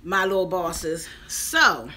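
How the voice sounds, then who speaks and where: A woman in her fifties vlogs chattily, speaking straight to her viewers as she tells a personal story. Her voice is lowish and animated, with a slow pace and a sharp tone.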